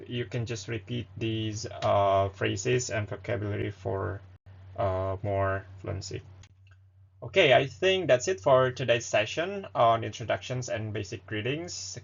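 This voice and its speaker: A man's voice: medium pitch, creaky, muffled recording. A man who is not a native speaker, teaching a casual online language lesson with many hesitations and fillers. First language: not Spanish or English.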